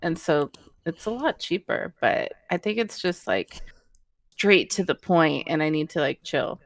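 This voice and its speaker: A woman with a fairly low voice chats casually as a guest. Her speech is loose and full of fillers. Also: lively intonation, unhurried, dry recording. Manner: chatty, filler-heavy with frequent "like". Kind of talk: casual chat.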